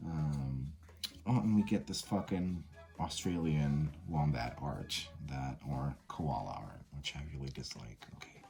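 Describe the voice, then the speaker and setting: A man's voice: low voice, warm tone. A man casually reviewing a tarot and oracle deck, candid and blunt, swearing and using lots of fillers.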